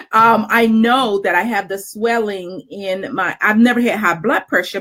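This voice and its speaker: A middle-aged woman, telling a personal story in a casual chat, candid and animated, with lots of fillers and laughs. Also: mid-range voice.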